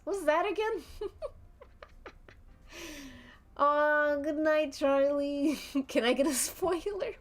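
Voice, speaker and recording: A woman narrating a tabletop game as game master on a live stream, giggling often between lines. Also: sits high. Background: faint background music.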